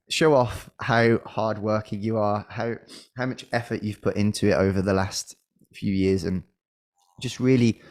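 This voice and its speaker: Low gravelly man coaching. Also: darkish tone. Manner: conversational, hesitant with restarts and fillers. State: coughing, slightly unwell. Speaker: medical school admissions coach. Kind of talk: casual advice talk.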